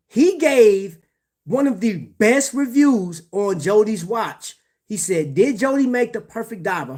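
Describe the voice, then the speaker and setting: A man hosting a casual livestream about watches, talking in slang, laughing often and addressing his chat. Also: high voice. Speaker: watch channel host.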